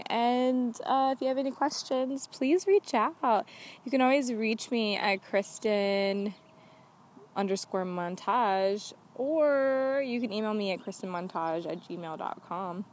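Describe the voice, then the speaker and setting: A woman's voice: mid-range voice, slow pace, a little hiss or hum. A young woman hosting her own podcast, talking casually and earnestly with lots of "like" as filler. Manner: chatty, earnest, heavy use of "like". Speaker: podcast host. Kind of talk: casual solo podcast talk.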